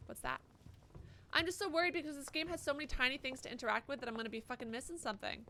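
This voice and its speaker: Lively young woman streaming a game. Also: high voice, very fast, gravelly, a little hiss or hum. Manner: casual, profane, reads chat aloud. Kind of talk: live gameplay commentary.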